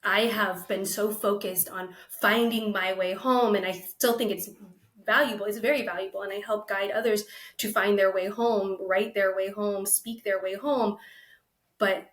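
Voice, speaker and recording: Woman coach talking slow and thoughtful, roomy echo on her voice. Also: mid-range voice, steady tone, fairly bright tone. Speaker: podcast guest, coach. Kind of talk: reflective conversational interview.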